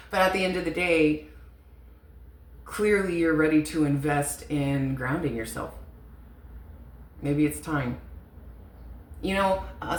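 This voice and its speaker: Tarot reader, woman, low voice, loose and chatty, echoey room. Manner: chatty and emotional, swears, laughs often. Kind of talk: casual tarot reading. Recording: echoey room with faint noise.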